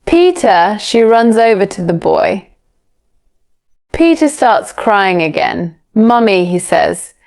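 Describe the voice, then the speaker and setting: Slow, creaky-voiced woman narrating. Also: medium pitch, lively intonation, darkish tone. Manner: clear, careful, evenly paced reading. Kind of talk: slow scripted storybook narration for English learners.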